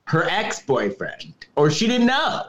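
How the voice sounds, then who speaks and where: Sarcastic, animated podcast man. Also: sits high, slow pace, roomy sound. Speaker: podcast co-host. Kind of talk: casual movie-review chat. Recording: dull lo-fi sound.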